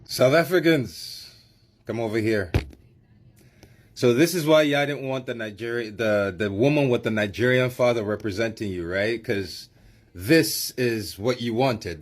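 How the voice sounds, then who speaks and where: Sarcastic husky man ranting. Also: medium pitch, unhurried. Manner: sarcastic, mocking, emphatic. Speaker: commentator in a played clip.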